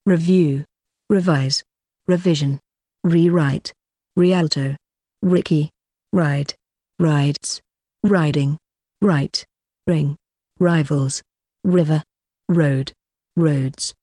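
A woman reading a vocabulary list aloud, one word at a time with pauses between. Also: low voice, steady tone, warm tone, breathy edge, no echo, studio quality. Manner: slow, evenly paced, one word at a time.

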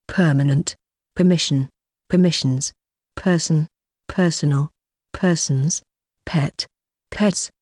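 Woman, vocabulary list read word by word, very slow, low pitch, dry close sound. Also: a little mellow, slightly rough, no echo. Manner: slow, evenly paced, one word at a time.

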